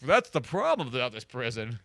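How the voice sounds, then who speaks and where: A man's voice: mid-range voice, sing-song, a little fast, a bit bright, no room sound. A man voicing a jolly, boozy medieval friar in a boisterous, joking manner on a podcast. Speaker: podcast co-host.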